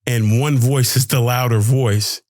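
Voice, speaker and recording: A man's voice: mid-range voice, fairly even intonation, a little slow, darkish tone, slight background noise. A young man hosting a podcast, giving an emphatic, preachy motivational monologue full of slang, with his voice swinging up and down. He talks close to the mic. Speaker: podcast host, pro basketball player.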